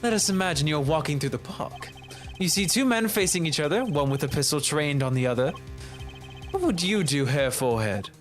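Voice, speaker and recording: A man's voice: fairly high pitch, lively intonation, fairly quick, faint music behind, natural voice. A man voicing a suave, condescending young male prosecutor who drops German words, in a fan read of a game. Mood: teasing. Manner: smooth, condescending.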